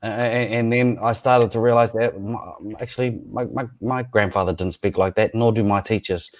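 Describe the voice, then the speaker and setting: A man's voice: on the low side, steady tone, moderate pace. A man reflecting earnestly in a casual discussion, often correcting himself mid-sentence. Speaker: panel speaker.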